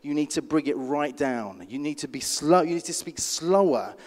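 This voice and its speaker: A man giving a live pitch masterclass at a conference, speaking deliberately and repetitively, often checking in with "okay?" and dropping his voice to land key points. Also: animated. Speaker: pitch coach at a startup conference. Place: large conference hall. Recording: long hall reverb.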